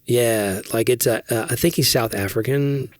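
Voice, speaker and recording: A man's voice: mid-range voice, moderate pace, no echo. A man co-hosting a podcast, trading playful, teasing banter in casual comedic chat. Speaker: podcast co-host.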